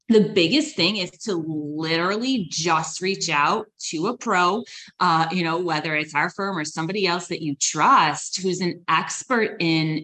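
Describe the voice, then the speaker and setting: A woman with a low voice talks through personal finance as a podcast guest. She is earnest and encouraging, and she often restarts phrases and uses fillers. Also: a bit bright. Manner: conversational, frequent fillers and restarts. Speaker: financial advisor. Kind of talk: podcast interview.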